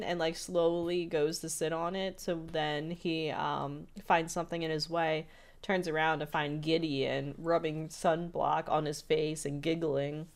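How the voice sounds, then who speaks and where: A woman's voice: low-pitched, level tone. A woman co-hosting a podcast, casually recapping an episode scene by scene with lots of "like"s. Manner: retells scenes with many "like"s and quick character impressions. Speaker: podcast co-host.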